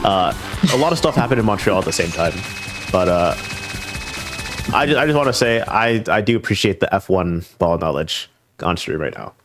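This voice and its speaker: Chatty low-voiced male stream commentator. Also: lively intonation, a bit bright. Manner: chatty and joking, quick asides, laughs easily. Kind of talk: casual live stream commentary. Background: game music.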